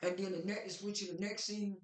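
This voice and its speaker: A man casually recapping a TV episode, halting and rambling with lots of fillers and repeated words. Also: high voice, fairly even intonation, echoey room. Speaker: show recap vlogger.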